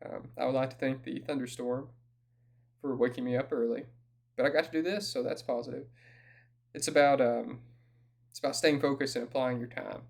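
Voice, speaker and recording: A man's voice: mid-range voice, steady tone, brisk, creaky, long pauses. A man with a Southern US accent giving a casual solo update as an author, with a dry, self-deprecating humor.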